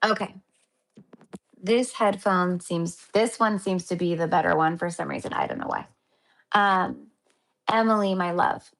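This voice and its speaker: On a spiritual healing livestream, a woman with a low, slightly bright voice chats with viewers in a very animated but unhurried way. She rambles and restarts sentences, leans heavily on fillers, and keeps calling everyone honey and my love.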